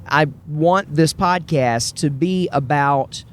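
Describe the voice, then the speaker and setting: A podcast host with a Southern US accent delivers a solo monologue to his listeners, earnest, upbeat and chatty. He speaks slowly in a fairly high-pitched voice.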